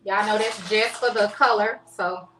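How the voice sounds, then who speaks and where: A woman in her late thirties talks to her viewers while she cooks in her home kitchen, relaxed and chatty. Her voice has a bright, forward edge at a mid pitch, and a faint hiss sits under it. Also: moderate pace. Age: 30s. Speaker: home cooking show host. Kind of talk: casual live cooking stream.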